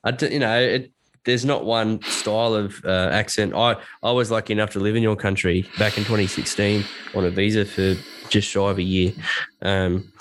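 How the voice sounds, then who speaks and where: A man's voice: on the low side, steady tone, moderate pace. An Australian man, a podcast guest, chatting casually in a jokey, rambling, self-deprecating way. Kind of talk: casual chat.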